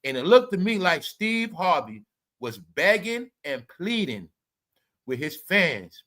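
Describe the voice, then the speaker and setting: Man, high-pitched, bright tense voice, profane rant, livestream commentary. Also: very animated, normal speed. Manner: profane, combative, repeats "all right" and "y'all". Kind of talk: ranting celebrity gossip commentary.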